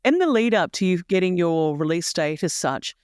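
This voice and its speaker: Podcast host lady asking careful questions, smooth voice, dry close sound. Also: fairly low pitch, animated, darkish tone, no room sound. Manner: measured, probing questions. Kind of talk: interview questions.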